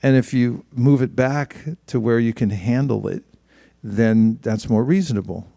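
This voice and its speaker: A man's voice: mid-range voice, a little slow, creaky, dark tone, no echo. A man giving a spiritual talk in a conversational way, often restarting his sentences and livening up for quoted asides.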